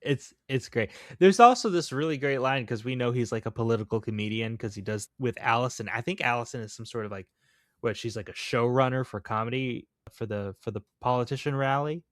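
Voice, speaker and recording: A man's voice: mid-range voice, fairly quick, dry recording, clean studio sound. A man co-hosting a podcast, chatting casually and with opinions about a film, full of fillers. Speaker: podcast co-host.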